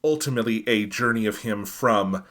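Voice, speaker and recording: A man's voice: on the low side, moderate pace. A man co-hosting an anime review podcast, talking through a film's themes in a casual, analytical way that livens up when he quotes characters. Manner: thoughtful, animated when quoting characters. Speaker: podcast co-host.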